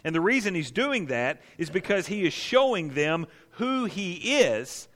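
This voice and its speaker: A male pastor delivers a sermon in a fairly high voice, leaning on his main points with emphasis. His words ring out in a church sanctuary with a long hall reverb. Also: very animated, fairly bright tone. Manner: emphatic preaching, slowing for key questions. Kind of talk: expository sermon.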